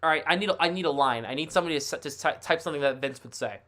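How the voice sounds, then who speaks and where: A man hosting a casual live sports stream, thinking aloud in a chatty, excitable way. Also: a little high, very fast. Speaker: livestream host.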